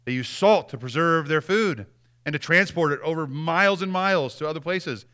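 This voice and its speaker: A man's voice: a little high, moderate pace, sharp tone. A man preaching a sermon, emphatic and direct, repeating key phrases and speaking straight to the congregation.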